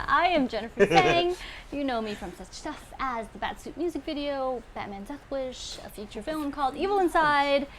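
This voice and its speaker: A young woman hosting a live panel webcast from a studio, reeling off quick, jokey introductions and laughing often. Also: high voice, expressive, a bit bright. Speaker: show host.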